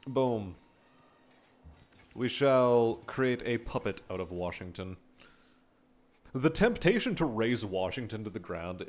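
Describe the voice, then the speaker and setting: A man's voice: medium pitch, very animated, slow pace, pauses often. A man casually commenting while he plays a strategy game on stream, laid-back and swearing now and then.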